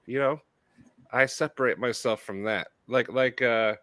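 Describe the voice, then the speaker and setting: A man's voice: mid-range voice, measured pace, fairly bright tone, dry recording. A man co-hosting a casual livestream chat, easygoing and laid-back. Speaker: co-host.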